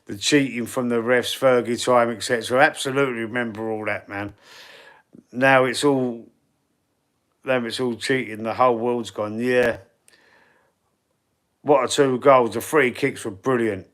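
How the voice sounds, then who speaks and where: Unhurried and pausing often, this English football fan with a Cockney accent talks through his casual live stream, reading chat and rambling slangily. His medium-pitched voice is fairly bright with fairly even intonation, and he chats along with repetitions and restarts.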